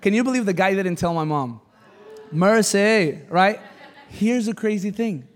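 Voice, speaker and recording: A man with a high voice preaches to a church congregation. He tells a personal story in an animated, joking way, bursting into loud exclamations and then dropping to quiet, serious asides. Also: measured pace. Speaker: pastor. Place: church service before a congregation.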